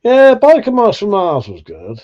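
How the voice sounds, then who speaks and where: A man with a slightly high voice talks casually to his stream viewers. He sounds tired and laid-back and swears often. The audio is a little dull and lo-fi. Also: huge pitch swings, a little slow. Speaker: livestream host. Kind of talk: casual live chat.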